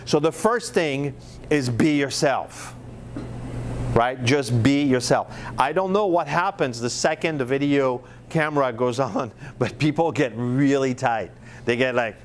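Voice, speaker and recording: A man's voice: medium pitch, unhurried, a little hiss or hum. Chatty French-accented man teaching a workshop. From France. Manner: casual and chatty, many fillers and restarts. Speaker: marketing workshop presenter.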